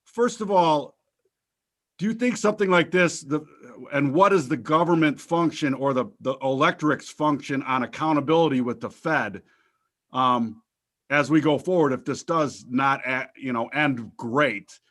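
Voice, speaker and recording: A man's voice: fairly high pitch, moderate pace, a bit bright. A man as host, asking questions hesitantly with fillers and restarts. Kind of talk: conversational market discussion.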